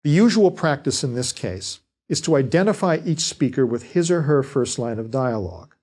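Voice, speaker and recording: A man giving a scripted lecture on fiction writing, speaking in a measured, deliberate way. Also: medium pitch, expressive, darkish tone.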